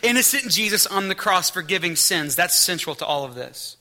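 High, bright-voiced preaching man. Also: sing-song, normal speed, hardly any pauses, poor audio. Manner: emphatic, repeats key phrases. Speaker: pastor. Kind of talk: sermon with scripture reading and prayer.

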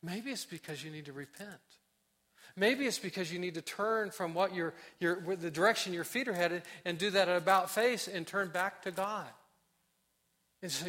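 High, bright-voiced preaching man. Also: normal speed. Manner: impassioned preaching, acts out prayers, drops to soft emphasis. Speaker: pastor. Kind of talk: sermon.

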